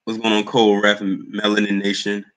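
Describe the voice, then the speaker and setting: A man's voice: on the low side, completely flat delivery, a little fast, a bit bright, poor audio. A young man hosting a livestream, chatting loosely and greeting commenters by name. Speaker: livestream host. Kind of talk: casual live chat with viewers.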